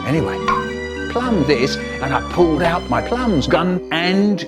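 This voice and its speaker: A man telling a comic story in an expressive, dramatic and playful way. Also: fairly high pitch, a little slow, loud music behind the voice.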